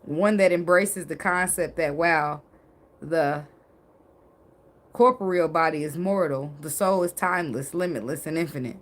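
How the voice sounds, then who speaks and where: A woman's voice: sits low, measured pace. A woman doing a casual tarot reading, chatty and joking, with casual swearing. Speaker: tarot reader.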